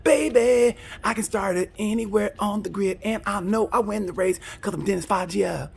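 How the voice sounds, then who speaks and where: A man's voice: high-pitched, normal speed, vocal fry, breathy edge, voice pushed up, full character voice. A man putting on the voice of a boastful young male racer, full of swagger. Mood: cocky.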